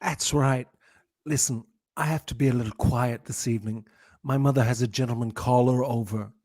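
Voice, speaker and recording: A man voicing a sheepish male cougar puppet who keeps his voice hushed and low-key. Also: steady tone, moderate pace, no room sound, clean studio sound, close to an everyday voice.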